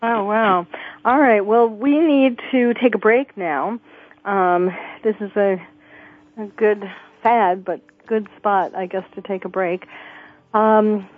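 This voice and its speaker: A woman's voice: mid-range voice, steady tone, slow pace. Hesitant woman hosting a radio talk show. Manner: hesitant, many fillers, laughs easily. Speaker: talk show host, psychiatrist. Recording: tinny phone-like, dry sound.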